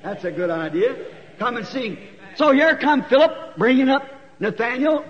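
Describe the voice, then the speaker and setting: Folksy preacher, a man with a very high voice, storytelling that climbs to shouts, dull old recording. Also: expressive, normal speed. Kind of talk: sermon. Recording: dull recording with long hall echo.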